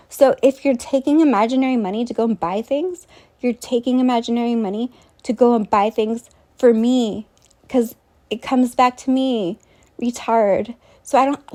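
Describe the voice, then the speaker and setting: High-voiced woman telling a rambling story. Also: dark tone. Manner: rambling, incredulous, scornful, addresses the listener directly. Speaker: vlogger.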